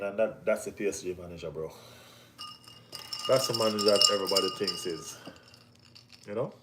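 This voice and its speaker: A young man hosting a casual live football chat, often saying "you know what I mean" and jumping to high, excited exclamations. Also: brisk, long pauses, background noise.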